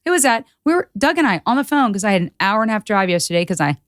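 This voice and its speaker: A woman guest on a podcast, chatting casually and acting out quotes with lively voices. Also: medium pitch, rapid-fire, no room sound, studio quality. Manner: animated storyteller acting out quotes. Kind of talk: casual chat.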